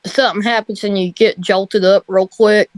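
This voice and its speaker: A woman's voice: mid-range voice, steady tone, moderate pace, no room sound. A woman telling a casual story on a livestream, hesitant and often laughing.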